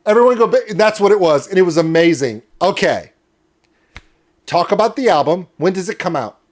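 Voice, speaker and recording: A high-voiced man hosting a casual interview. He talks with warm enthusiasm and rambles through a long story, piling praise on his guest. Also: lively intonation, normal speed. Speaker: interview host.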